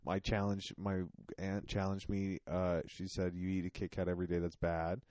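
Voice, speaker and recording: Low-voiced man telling rambling stories. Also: monotone, moderate pace, a little mellow, no echo. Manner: rambling storyteller, laughs often. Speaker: podcast co-host. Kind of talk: casual comedic chat.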